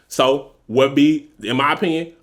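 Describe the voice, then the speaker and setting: A man's voice: on the high side, normal speed, a bit bright. A young man co-hosting a podcast, talking loosely in profane slang and acting out quoted voices. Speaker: podcast co-host. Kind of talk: casual podcast chat.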